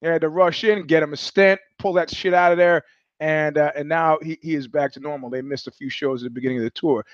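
Casting note: New man, high voice, dry close sound, sardonic profane podcast host. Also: quick pace, no room sound, dull audio. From New York. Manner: profane, sardonic, animated storyteller who acts out voices. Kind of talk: casual monologue, storytelling.

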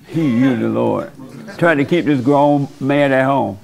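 A man who is both host and pastor leads a church talk show, spinning folksy stories and offering blunt opinions in a casual preaching style. He speaks a little slowly in a medium-pitched, creaky, slightly mellow voice.

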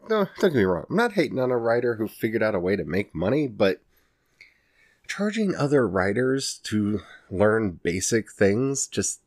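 A podcast host in his forties, from the Ozarks and carrying an Ozark Southern accent, talks casually on his solo show in a lowish, darkish voice. The sound is dry and clean, studio-grade, and his chatty, self-deprecating style comes with frequent laughter and restarts.

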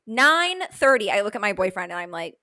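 A woman co-hosting a podcast in casual chat, animated, swearing and saying "like" often, breaking into shrieking laughter. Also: medium pitch, brisk, no room sound, rough recording. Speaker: podcast co-host.

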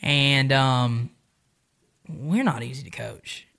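A man talking casually on a podcast about coaching and training, relaxed and rambling with a self-deprecating manner. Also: medium pitch, takes it slowly, vocal fry. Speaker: podcast guest, jiu-jitsu coach. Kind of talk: casual chat.

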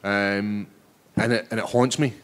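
A Scottish man in his thirties, a fighter answering reporters' questions at a press scrum, cheeky and animated, often stumbling over his words. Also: on the low side, a little slow. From Scotland. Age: 30s.

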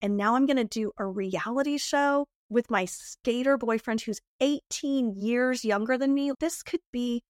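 A middle-aged woman from the United States, a guest in an interview who candidly tells lively, animated stories and laughs often. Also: fairly high pitch, a little slow, few pauses, no room sound, clean studio sound. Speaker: guest, beauty entrepreneur. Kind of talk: candid storytelling in a podcast interview.

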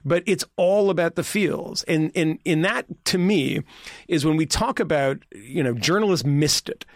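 A man with a slightly high, gravelly voice riffs on politics in loose podcast chat. He rambles, restarts and repeats words as he goes. The sound is dry and close. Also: no room sound. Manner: rambling, fast, self-interrupting with repeated words. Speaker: podcast panelist.

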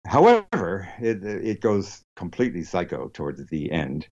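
A very deep-voiced man chatting loosely about movies, rambling through restarts and fillers. The audio is a bit dull and lo-fi, like a home podcast setup. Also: very animated, moderate pace, darkish tone. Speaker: podcast co-host. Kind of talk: casual film review chat.

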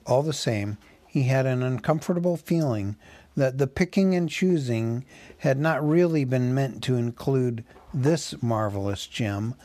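A man reading a novel aloud as a podcast host, in measured storytelling. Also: mid-range voice, a little mellow, dry recording. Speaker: audiobook reader.

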